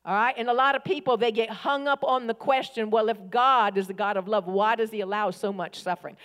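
A woman's voice: fairly high pitch, fairly even intonation, fairly quick, fairly bright tone. Woman preacher, middle-aged, emphatic, repeats her lines, long hall reverb. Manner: emphatic, repeats phrases, calls for amens. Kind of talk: sermon.

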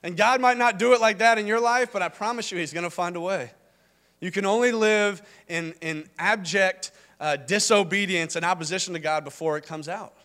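A male pastor with a high voice delivers a sermon. He hammers his points home through repetition and gives the words of God and the people in scripture a voice of their own. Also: brisk, sharp tone.

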